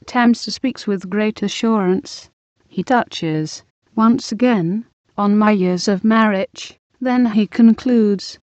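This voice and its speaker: A woman reading a novel aloud in a measured, deliberate way. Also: mid-range voice, a little mellow, no echo. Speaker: audiobook reader. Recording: dull lo-fi recording.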